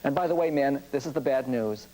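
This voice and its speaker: Acting out the characters of his anecdotes, a priest and cross-cultural communication speaker delivers a story-driven lecture on communication. He talks fairly quickly in a warm, mid-range voice, though the audio quality is poor.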